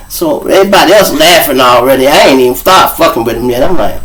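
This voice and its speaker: A man's voice: a little high, fairly quick, few pauses, low-quality recording. A man with a Chicago accent, hosting his show and telling profane comic stories, acting out the other people's voices. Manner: profane, animated, acts out voices. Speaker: show host. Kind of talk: comic storytelling.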